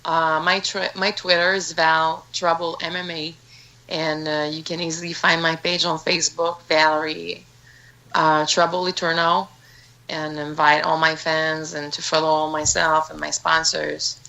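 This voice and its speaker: A woman's voice: deep voice, flat delivery, unhurried, creaky, bright, forceful tone, low-quality recording. A woman in her thirties from Canada, with a Canadian accent, speaking earnestly as a guest on an interview podcast and often restarting her sentences. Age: 30s. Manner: earnest, frequent restarts and repeated words. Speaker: guest fighter. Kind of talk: casual interview talk.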